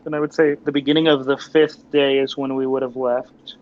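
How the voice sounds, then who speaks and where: A man's voice: medium pitch, little pitch movement, fairly quick, highs cut off. A man playing in a tabletop game, casual and full of questions. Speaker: player. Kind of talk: in-character tabletop play.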